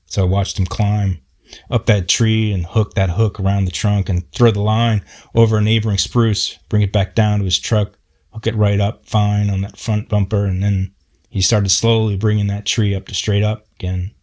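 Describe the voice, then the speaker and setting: Plainspoken male storyteller with a somewhat low voice and folksy delivery. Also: level tone, normal speed, a little mellow. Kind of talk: personal storytelling.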